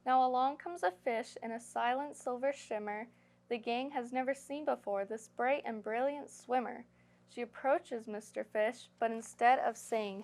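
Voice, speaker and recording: High-voiced woman reading a picture book. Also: a little slow, a little mellow. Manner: sing-song rhyming delivery. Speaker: storytime reader. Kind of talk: children's picture book read-aloud.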